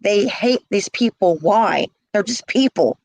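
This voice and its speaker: This middle-aged interviewee has a mid-range, creaky voice with a darkish tone, and she speaks in an animated but unhurried way. Telling an emotional story of her own, she is impassioned and repetitive and acts out quoted calls. The recording is rough, without room sound.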